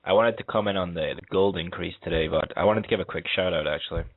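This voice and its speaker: Deep-voiced young man calling in by phone. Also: fast talker. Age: young adult. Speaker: caller. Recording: tinny phone line.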